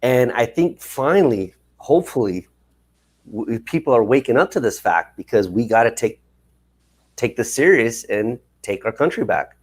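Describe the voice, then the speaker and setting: A man's voice: medium pitch, animated, normal speed. A man from the United States, a guest on a livestream, talking in an earnest, rambling, emphatic way over a video call. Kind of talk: livestream chat. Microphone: video call stream.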